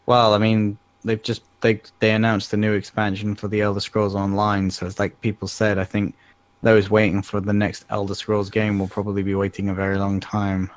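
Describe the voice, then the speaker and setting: A man co-hosting a casual podcast with a lowish voice, recorded dry and close. He explains things at length, walking through details like a storyteller. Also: monotone, brisk, no room sound.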